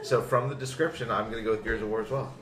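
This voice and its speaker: A man's voice: fairly low pitch, fairly even intonation, quick pace. A man in casual podcast chat, blunt in his opinions and laughing easily. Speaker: podcast panelist. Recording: echoey room with crowd noise.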